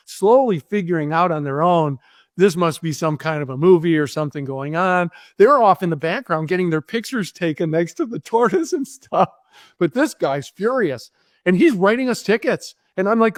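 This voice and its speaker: A man in a podcast interview telling a long anecdote with animated energy, acting out the voices of people he quotes. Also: sits high, moderate pace, no room sound, clean studio sound. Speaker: guest, filmmaker.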